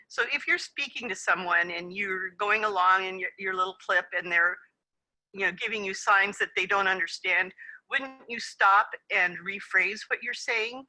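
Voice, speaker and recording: A woman's voice: mid-range voice, sharp tone, low-quality recording. A woman presenting a conference session over a video call, explaining in a friendly way with some fillers. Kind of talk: webinar presentation.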